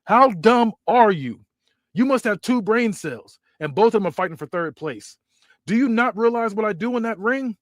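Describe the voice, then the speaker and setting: A man's voice: sits high, animated, normal speed, no room sound, pitched above the performer's own voice. A cruel, cocky wrestler, as a man puts him on, sneers his taunts in a raised, mocking voice. The delivery is smug and menacing, with a dry, close sound. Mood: taunting. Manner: mocking, smug trash talk.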